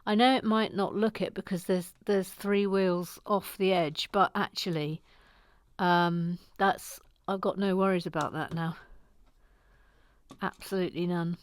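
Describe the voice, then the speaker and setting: Slow, soft-spoken woman building Lego. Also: lowish voice, steady tone, no echo, clean studio sound. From Deeside. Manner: soft-spoken, gentle, self-deprecating, drops to a whisper at times. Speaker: Lego building channel host. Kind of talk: casual chat while building and reading comments.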